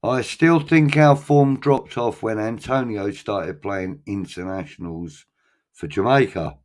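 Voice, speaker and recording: A man's voice: fairly low pitch, a little slow. A man hosting a casual fan chat show, reading out viewer comments and talking things through with frequent ums. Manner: chatty, hesitant with many ums.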